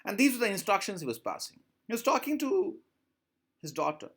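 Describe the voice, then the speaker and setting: Lively Indian English teacher explaining a story. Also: male voice, high-pitched, fairly quick, husky. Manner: repeats and rereads lines, asks questions. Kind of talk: classroom lesson explaining a story.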